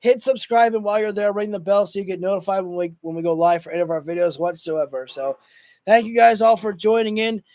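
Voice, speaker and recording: A man hosting a wrestling livestream who talks casually to his chat, rambling and excitable with lots of fillers, and is losing his voice. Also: high-pitched, fast talker. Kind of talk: casual live commentary to chat.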